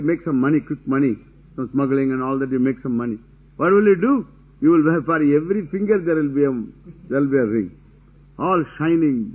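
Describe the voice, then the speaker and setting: Heard through a tinny, narrow-band lo-fi recording, this man is a spiritual teacher giving a religious discourse. He has a medium-pitched, breathy voice and speaks with emphasis, repeating his key phrases and adding casual asides.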